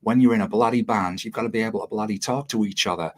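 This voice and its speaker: A man's voice: fairly low pitch, fast talker, pitched above the performer's own voice, lightly acted. A man doing a jokey impression of a rowdy Australian man who swears a lot. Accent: Australian, put on.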